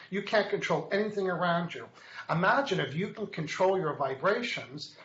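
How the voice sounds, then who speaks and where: A man's voice: a little high, fairly bright tone. Playful man hosting a live show. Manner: playful, joking, reads viewer comments aloud. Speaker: host of a weekly live online show. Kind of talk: casual live-stream chat and teaching. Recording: echoey, dull lo-fi webcast sound.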